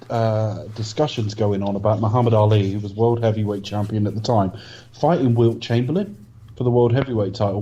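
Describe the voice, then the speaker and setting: A man's voice: fairly low pitch, mellow. Blunt, sweary man, dull audio. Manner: blunt, sweary, dismissive opinions. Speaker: podcast co-host. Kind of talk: casual film review chat.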